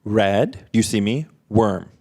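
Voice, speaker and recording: A man teaching a workshop in a slow, unhurried delivery. His pitch moves a lot and keeps the talk lively. He throws short questions and prompts out to the room. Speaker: sign language interpreter voicing a presenter.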